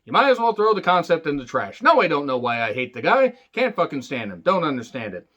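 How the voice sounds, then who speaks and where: A man's voice: fairly high pitch, big pitch swings, fast, sharp tone. Sarcastic, profane male wrestling reviewer. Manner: sarcastic, profane, rambling asides. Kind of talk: casual solo review monologue. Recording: dull lo-fi audio.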